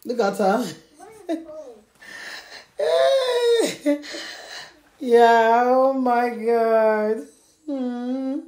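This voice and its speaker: Casual vlogger, woman, high-pitched, unhurried, frequent laughs, echoey home room. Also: dark tone. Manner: laughs often, talks slowly to the camera and baby.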